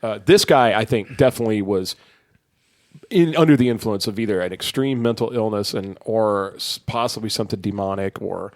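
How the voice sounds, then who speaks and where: A man's voice: on the low side, fairly quick, no echo, studio quality. A man co-hosting a podcast in casual chat, telling rambling stories and swearing freely. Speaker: podcast co-host.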